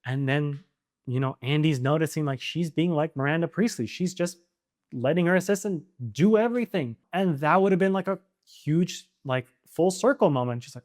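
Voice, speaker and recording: A man with a voice on the higher side for a man talks casually to his viewers as a channel host. He is animated and pushes his points with exasperated rhetorical questions. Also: moderate pace. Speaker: video essay host. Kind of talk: casual opinion commentary to camera.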